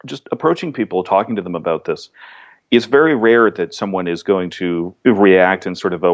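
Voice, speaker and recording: Low-voiced man, rambling podcast guest. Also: normal speed, highs cut off. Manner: relaxed, rambling, many restarts. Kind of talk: casual interview chat.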